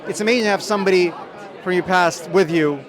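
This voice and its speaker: A film director chatting in a press interview outdoors at a premiere, telling self-deprecating stories from the set. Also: male voice, sits high, fast talker. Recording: crowd noise behind. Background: crowd chatter.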